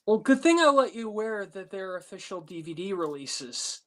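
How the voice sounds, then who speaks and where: A woman's voice: medium pitch, very animated, moderate pace. A woman chatting casually on a podcast, rambling with many fillers. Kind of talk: casual chat.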